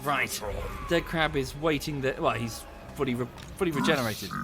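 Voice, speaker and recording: Game music plays as this streamer, speaking at medium pitch and normal speed, casually walks through his strategy game. He thinks out loud and thanks his viewers along the way.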